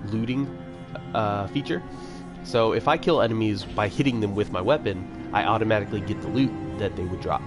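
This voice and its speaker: A man giving casual, rambling commentary while playing a video game, with chatty self-mocking asides. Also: fairly low pitch. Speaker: let's-play commentator. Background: video game music.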